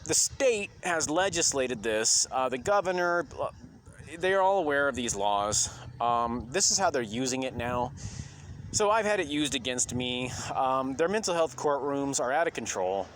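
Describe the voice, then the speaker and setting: A man's voice: medium pitch, lively intonation, normal speed, a bit bright. A man delivering an indignant, rambling monologue to camera about constitutional rights, full of ums and uhs. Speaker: video commentator.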